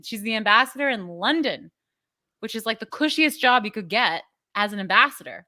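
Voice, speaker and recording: Middle-aged woman podcast co-host, giggly and rambling, bright tone, dry close mic. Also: on the high side, animated, a little fast, no room sound. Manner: chatty, giggly, rambling recaps. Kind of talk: casual chat.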